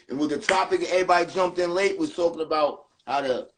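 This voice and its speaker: A man's voice: on the high side, fast talker, hardly any pauses, a little hiss or hum. A man hosting a casual podcast, reacting and chiming in with a laid-back manner. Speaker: host.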